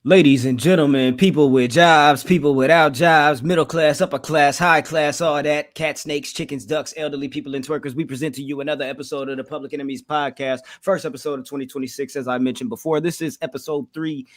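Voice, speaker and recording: A man's voice: a little high, steady tone, fairly quick, hardly any pauses. A man hosting a podcast, talking in casual slang and repeating "you feel me" as he opens the show. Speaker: podcast host. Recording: loud hip hop music behind. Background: hip hop music.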